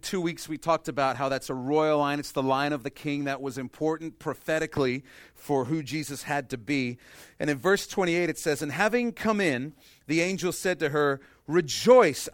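A man in his thirties delivers a sermon as a pastor, at a middle pitch with a dry, close sound. He swings from loud, emphatic bursts down to soft, intimate stretches. He sounds like a regular preacher speaking to his congregation. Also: normal speed, no echo.

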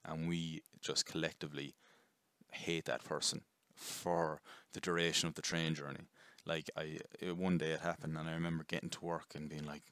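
A man giving a casual, rambling movie review, chatty and quick to swear. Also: rumbling low, fairly bright tone, no echo. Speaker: film reviewer.

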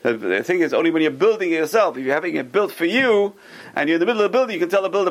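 A man, a rabbi, giving an animated Torah talk that swings between emphatic highs and quiet asides. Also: racing.

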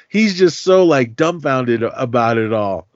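A man's voice: mid-range voice, animated, unhurried, no room sound. Man chatting loosely about movies. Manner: loose and chatty, with many fillers and slangy asides. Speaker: podcast host. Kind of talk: casual movie recap chat. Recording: dull lo-fi, dry sound.

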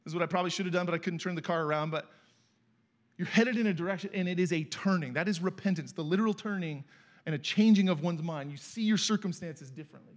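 A middle-aged man preaching as a guest speaker in a church, telling stories in a conversational, animated way. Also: high voice, fast. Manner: conversational, animated storytelling with acted quotes. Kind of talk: sermon with storytelling. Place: church sanctuary.

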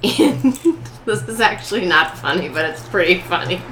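A woman's voice: on the low side, animated, moderate pace, over music. A woman guest in casual chat, telling a story animatedly and laughing often. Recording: echoey room with background noise.

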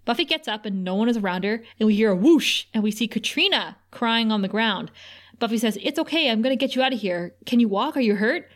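Woman podcast co-host, casual recapper, higher voice, laughs often. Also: expressive. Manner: recaps scenes with quick quoted lines and frequent laughs.

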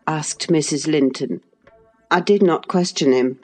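A woman narrating a classic novel as an audiobook, measured and expressive. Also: deep voice, soft background music. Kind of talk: classic novel read aloud.

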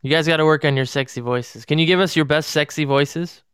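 A man's voice: fairly high pitch, brisk, a bit bright, clean tone, no room sound, clean studio sound. A man hosting a casual call-in chat, talking in a friendly, chatty way. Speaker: host.

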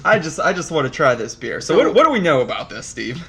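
A man's voice: on the high side, sing-song, quick pace, a bit bright. A man co-hosting a casual beer review show, upbeat and laughing as he talks. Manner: upbeat, laughs while talking. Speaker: podcast co-host. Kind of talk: casual chat.

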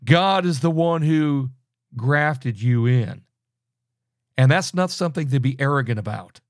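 A man's voice: medium pitch, expressive, measured pace, no room sound, studio quality. A middle-aged man teaching a sermon, earnest and scolding, often restarting his sentences. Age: middle-aged or older. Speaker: preacher.

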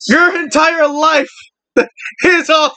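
A woman's voice: high-pitched, steady tone, slow, bright, forceful tone, a little hiss or hum, rough recording. A woman co-hosting a casual chat, drawling and swearing between bursts of laughter.

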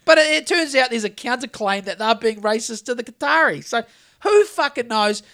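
A man's voice: extremely high pitch, animated, normal speed, fairly bright tone. A man with a New Zealand accent, co-hosting a podcast in a heated, profane rant. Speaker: podcast co-host.

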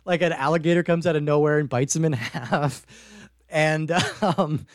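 A man's voice: a little high, moderate pace, no echo, studio quality. A man talking casually about a movie on a podcast, rambling with lots of fillers and restarts. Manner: animated, rambling, frequent "like" and restarts. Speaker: podcast co-host. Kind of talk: casual film discussion.

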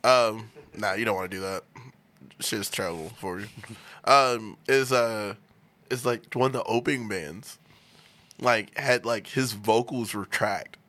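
Loud rambling young man, bright voice. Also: lowish voice, unhurried. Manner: rambling, profane, mumbles, loud voice. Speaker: podcast co-host, singer in a band. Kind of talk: casual chat.

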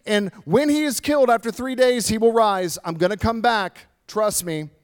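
A man voicing a calm male teacher who speaks of his coming death in casual modern words. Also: high-pitched, normal speed, clear, resonant tone, natural voice. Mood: reassuring. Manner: plain, matter-of-fact, casual modern phrasing.

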